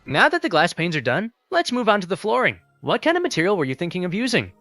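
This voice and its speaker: A cheerful, polite synthetic AI assistant voice that chats in a smooth, upbeat way. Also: medium pitch, wildly swooping pitch, fast talker, fairly bright tone, no room sound, faint music behind. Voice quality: smooth synthetic text-to-speech voice. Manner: polite, upbeat, forgetful suggestions. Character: cheerful chatty AI building assistant.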